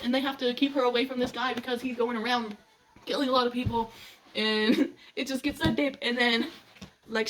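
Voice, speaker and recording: A young adult woman gushing and giggling as she rants about books she loves in a casual vlog. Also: on the high side. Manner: gushing, giggly, animated retelling. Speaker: book vlogger. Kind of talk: excited casual book rant. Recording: slightly distant mic with faint background noise.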